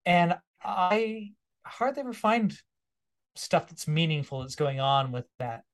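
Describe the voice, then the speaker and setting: A man's voice: on the high side, animated, unhurried. Reflective man telling a story. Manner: reflective, storytelling, warm laughs. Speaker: guest. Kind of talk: casual interview conversation.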